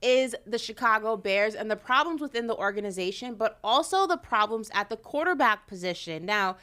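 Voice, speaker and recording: Lively woman hosting a sports show. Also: a little high, a little fast. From New York. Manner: lively, assertive, steers the conversation. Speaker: host. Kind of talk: casual sports talk and scripted segments.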